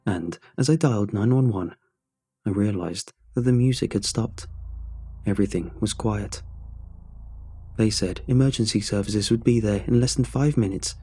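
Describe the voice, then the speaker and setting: Low, dark-voiced man narrating horror. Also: breathy edge. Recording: soft music underneath.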